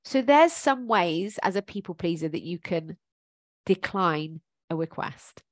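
A woman's voice: on the low side, lively intonation, measured pace, dry recording. A woman giving informal coaching advice, chatty and encouraging, thinking aloud with plenty of ums. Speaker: life coach.

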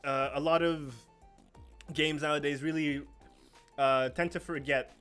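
A man co-hosting a casual podcast about games, talking in halting phrases and reading out the chat. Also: on the high side, steady tone, a bit bright, clean tone, soft background music. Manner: hesitant, many fillers and restarts, reads chat aloud. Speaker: co-host.

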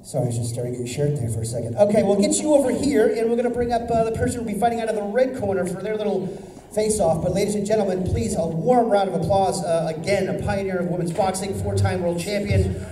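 A man hosts a boxing weigh-in with quick, high-pitched patter. His questions wander and pile up fillers. He is heard from a distance in an echoey hall full of crowd noise. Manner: loose, rambling questions with fillers. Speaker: weigh-in emcee. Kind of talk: live event announcing and interviewing. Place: indoor weigh-in event hall.

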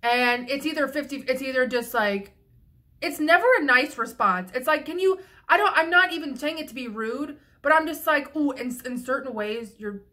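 A woman's voice: high-pitched, normal speed, pushed and bright. A young woman vlogging, venting frankly and profanely in a rambling casual monologue with frequent restarts, a little tipsy. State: slightly tipsy.

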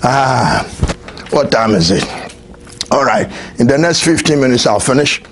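A man preaching a sermon, swinging from shouted peaks to low murmurs and laughing often. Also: sing-song, a little slow, a little hiss or hum.

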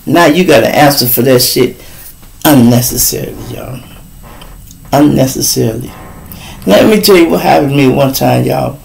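A man's voice: mid-range voice, normal speed, creaky, long pauses, darkish tone, rough recording. A man with a Chicago accent, hosting a live talk show and telling crude stories, laid-back and speaking straight to his listeners. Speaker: show host.

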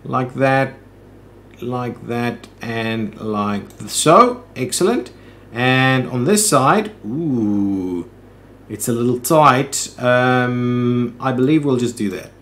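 A man's voice: mid-range voice, expressive, slow pace, a bit bright. A man hosting a let's play, thinking aloud in casual commentary with frequent "ooh"s and "um"s.

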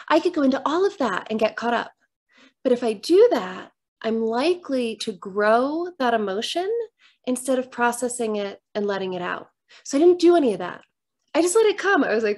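A middle-aged woman who works as a divorce coach, talking candidly and gently to the camera from a room at home. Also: a little high, lively intonation, brisk. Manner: earnest, gentle, reflective.

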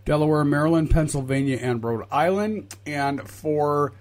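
A man co-hosting a casual political talk show, speaking deliberately with a wry, mock-exasperated edge and frequent hesitations. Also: fairly high pitch, a little mellow. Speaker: political podcast co-host.

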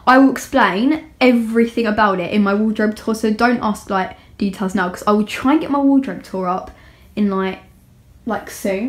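A young woman vlogger chatting casually and rambling as she shows off her bedroom, with many fillers and giggles. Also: mid-range voice. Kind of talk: casual room tour.

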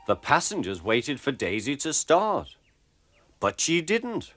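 A man narrating a children's storybook in a gentle, expressive way, with music playing underneath. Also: mid-range voice, takes it slowly.

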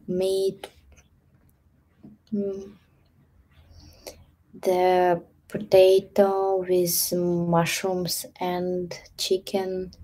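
A woman with a Russian accent chatting casually on a live stream as a stretching coach, in halting English with soft whispered asides. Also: lowish voice. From Ukraine.

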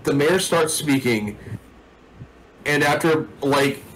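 A man's voice: on the high side, takes it slowly, fairly bright tone, a little hiss or hum, low-quality recording. A man narrating a tabletop role-playing game as game master, in a casual, rambling way with many fillers.

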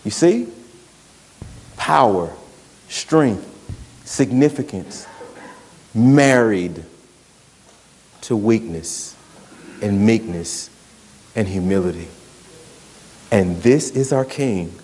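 A man's voice: lowish voice, expressive, drawn-out words, long pauses, a little mellow, big-room sound. A man, a pastor preaching a sermon in a conversational, emphatic way that drives points home through repetition. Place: church sanctuary.

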